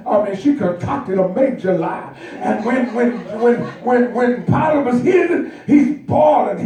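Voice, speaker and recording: A male pastor preaching a lively storytelling sermon, calling out to his congregation. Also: extremely high pitch. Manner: animated storytelling, calls out to the congregation. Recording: echoey church hall, mic far off.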